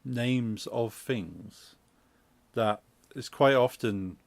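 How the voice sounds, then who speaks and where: A man with a Midlands accent explains things in a loose, rambling way, stopping and restarting as he goes. His voice has a gravelly edge. The recording is dry and close. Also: mid-range voice, very slow, no echo. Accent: English Midlands. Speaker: streamer host. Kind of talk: casual chat while gaming.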